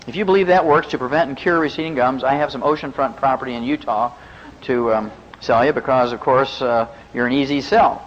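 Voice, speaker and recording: In a muffled recording with faint hiss and a big-room sound, a Midwestern veterinarian and physician jokes his way through a folksy health lecture for a live crowd. His mid-range voice moves quickly, and he spins stories with lots of animation.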